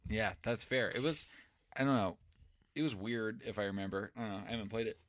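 A man's voice: on the low side, brisk, a bit bright, a little hiss or hum. A young man from Idaho, co-hosting a podcast, telling rambling stories in a laid-back, swearing, casual chat. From Boise, Idaho. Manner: laid-back storytelling, lots of swearing and laughs. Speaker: podcast co-host.

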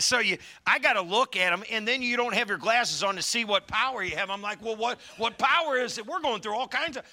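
A middle-aged pastor with a high, sharp voice preaches a sermon full of joking, rambling asides. He calls on the congregation to answer back.

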